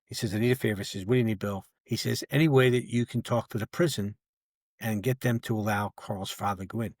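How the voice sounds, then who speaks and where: A man's voice: fairly low pitch, steady tone, fast talker, darkish tone, dry recording, studio quality. An older man, a retired federal agent, telling a long story in casual podcast talk and acting out both sides of old conversations. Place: podcast recording setup.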